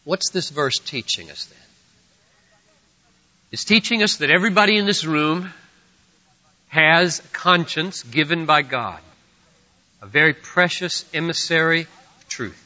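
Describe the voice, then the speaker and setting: A man preaching a sermon with a rhythmic delivery that builds to forceful peaks and sinks low again. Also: a little slow, long pauses. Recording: muffled, reverberant hall.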